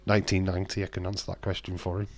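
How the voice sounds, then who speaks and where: His voice sits low with little pitch movement, delivered very fast. He runs a live watch-along stream, reading chat aloud and casually bantering and teasing with viewers, often restarting his sentences.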